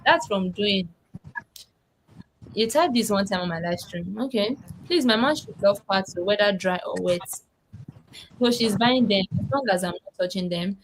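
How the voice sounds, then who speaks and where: A woman's voice: medium pitch, moderate pace, a little hiss or hum, rough recording. Woman, livestream host, chatty, reads comments, laughs easily. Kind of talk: casual livestream chat.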